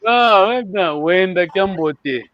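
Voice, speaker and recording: A man's voice: high voice, animated, slow, dry recording, highs cut off. A man teaching a live online language lesson, encouraging learners and repeating words for them to copy.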